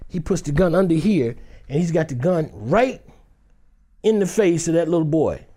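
Male actor from Detroit, expressive storyteller, higher voice, very animated delivery. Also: moderate pace. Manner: animated, acts out every voice in the story. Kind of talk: storytelling in a chat.

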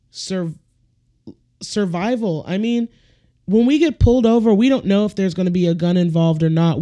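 Woman podcast host, blunt profane rant, mellow warm tone. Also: fairly low pitch. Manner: blunt, profane, animated ranting. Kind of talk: casual solo podcast monologue.

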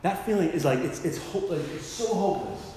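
Speaking high and brisk with a dark tone, a young church youth speaker delivers an informal, slangy sermon full of "dude" and "like." He performs the story's characters aloud, and the echoey hall carries faint ambience plus a slight hiss or hum.

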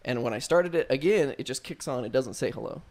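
A man's voice: medium pitch, expressive, fairly quick, darkish tone. A young man telling a spooky story to friends in a loose, profane, casual way, full of fillers. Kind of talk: casual chat.

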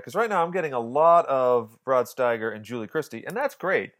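A man's voice: mid-range voice, expressive, fairly quick, hardly any pauses, a bit bright. A man co-hosting a film podcast, chatting casually and animatedly, with many restarts and some swearing. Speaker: podcast co-host. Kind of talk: casual film review chat.

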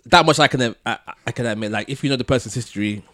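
A man telling a long personal story on a podcast, full of restarts and soft laughs. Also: medium pitch, fast, no echo, studio quality. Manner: rambling, many restarts, laughs between phrases. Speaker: podcast co-host. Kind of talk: casual storytelling chat.

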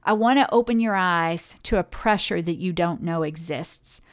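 A woman's voice: fairly low pitch, normal speed. A woman hosting a motivational talk on well-being, speaking directly and conversationally to her listeners.

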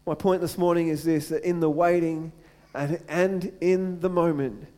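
A young adult man preaching a sermon as pastor, earnest, swinging between loud urgent build-ups and slow, soft appeals. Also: fairly high pitch, steady tone.

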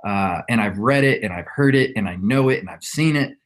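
Podcast guest, male, 20s, lower pitch, reflective rambling delivery. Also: expressive, brisk. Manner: reflective, rambling with frequent restarts. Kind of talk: casual conversation.

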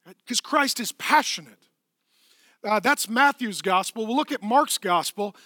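Male pastor, sermon delivery, high and bright, dry close sound, emphatic with soft hushed passages. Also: expressive, unhurried, dry recording. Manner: emphatic preaching, drops to soft sighing hush.

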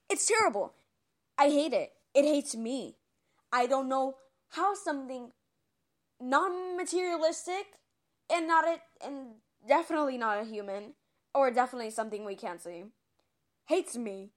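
A teenage girl hosts a casual vlog, her voice set a little high yet husky and rough today. She rambles, exaggerates and pokes fun at herself as she talks straight to the viewer. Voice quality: husky, deeper than usual. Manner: dramatic, rambling, self-mocking. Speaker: vlogger.

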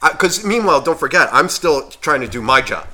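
A man's voice: fairly high pitch, very animated, a little fast, pushed and bright. A young man co-hosting a podcast, telling a story in casual chat, rambling and swearing, with lots of fillers. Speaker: podcast co-host.

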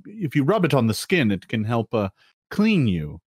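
A man voicing a plain-spoken female deep gnome guide, matter-of-fact and a little hesitant. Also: wildly swooping pitch, normal speed, darkish tone, husky, no echo, clean studio sound.

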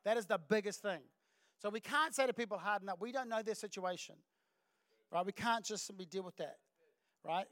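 A middle-aged man with a New Zealand accent, a pastor preaching a sermon in an animated storytelling way. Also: high-pitched, fairly quick, long pauses, dry recording. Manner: animated storytelling with acted voices and laughs. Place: church stage.

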